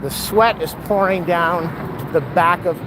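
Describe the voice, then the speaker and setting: A man's voice: high-pitched, takes it slowly. Breathless, joking man on a walk. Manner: breathless, self-mocking, playful asides. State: out of breath and sweating. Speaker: vlogger. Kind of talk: walking vlog, joking to camera. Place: outdoors on a city street. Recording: outdoor street noise.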